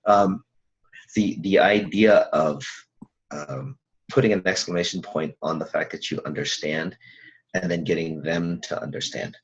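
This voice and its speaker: A man with a low, deep voice coaches a sales class with energy and a quick, animated delivery. His audio is dull and lo-fi, like a video call. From German and Hawaiian heritage, US. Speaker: co-instructor.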